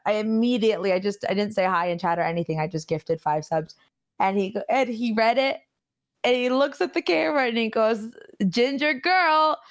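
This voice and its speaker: A woman streamer telling a story in a casual interview, animated and laughing often. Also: mid-range voice. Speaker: streamer guest.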